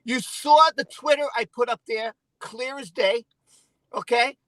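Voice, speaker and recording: A man hosting a casual stream, venting in an emotional, halting, repetitive way. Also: extremely high pitch, a bit bright, no room sound, low-quality recording. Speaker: channel host.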